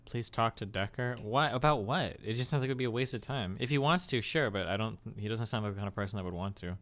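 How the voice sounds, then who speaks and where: A man's voice: on the low side, fast, fairly bright tone. A man streaming live, chatting offhand and crudely while reacting to clips and fighting his computer. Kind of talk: casual livestream chat.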